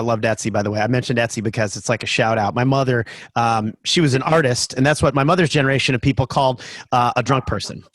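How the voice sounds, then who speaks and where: A man's voice: a little high, a bit bright, dry recording. A man in his fifties doing a stand-up comedy set over a video call, telling jokey stories with lots of fillers. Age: 50s.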